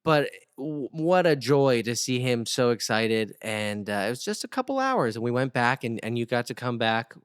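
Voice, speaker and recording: A man tells a family story on a podcast in an animated way, acting out the quotes as he goes. His voice is smooth and resonant at a middle pitch. It is recorded close to the mic in a dry room. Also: normal speed, few pauses, no room sound. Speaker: podcast regular. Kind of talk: casual storytelling chat.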